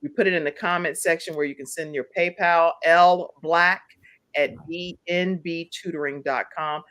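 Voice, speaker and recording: A woman hosting a live talk show, upbeat and encouraging, spelling out details slowly for her listeners. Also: on the low side, steady tone, a bit bright.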